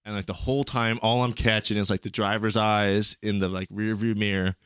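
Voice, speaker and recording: A man co-hosting a podcast, telling a travel story in casual chat, animated and swearing freely. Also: fairly low pitch, fairly quick, clear, resonant tone, dry recording, studio quality. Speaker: podcast co-host.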